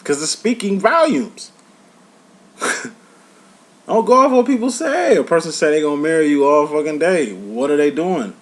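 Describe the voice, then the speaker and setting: A man's voice: fairly high pitch, sing-song, moderate pace, pauses often. A man giving a casual tarot reading to his viewers, talking in a blunt, profane, preachy tough-love way. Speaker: tarot reader and life coach.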